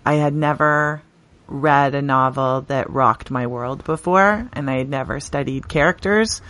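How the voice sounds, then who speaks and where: A middle-aged woman, a teacher talking earnestly and warmly about her work in an interview, laughing often. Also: extremely low pitch, a little slow. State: briefly tearful. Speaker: teacher, podcast guest. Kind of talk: conversational interview.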